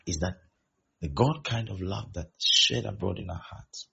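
Male preacher, low husky gravelly voice, dull lo-fi recording, acts out quotes mid-sermon. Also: measured pace, bright, forceful tone.

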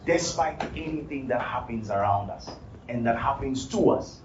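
A man preaching a sermon as pastor, repeating his points and building up to shouted emphasis. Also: mid-range voice, expressive, normal speed, noisy background. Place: church hall. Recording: roomy, distant, dull live church sound. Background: music and congregation.

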